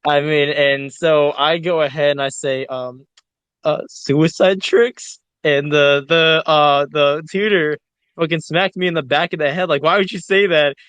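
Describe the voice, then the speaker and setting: A man's voice: on the high side, a little slow, clean tone, dry recording. A man telling a long story in a casual online voice chat, rambling and swearing as he talks. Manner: rambling, heavy swearing, animated retelling. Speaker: audio chat participant.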